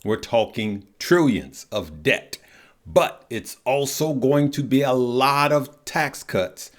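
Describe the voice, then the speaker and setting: A man's voice: mid-range voice, animated, slow. A man hosting a casual stock market show, upbeat and chatty, drawling "y'all" and "good people" at his viewers. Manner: upbeat, chatty, laughs at the news.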